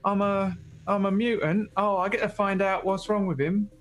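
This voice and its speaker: A man's voice: flat delivery, lightly acted. A man putting on a drawling, cheerful mutant scavenger. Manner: slow, drawling, pitched-up put-on voice. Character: scrappy young male mutant scavenger, cheerful.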